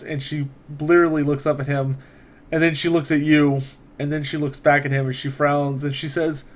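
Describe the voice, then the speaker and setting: A man narrating a tabletop role-playing game as game master, with frequent hesitations. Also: on the high side. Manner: hesitant, many fillers and restarts.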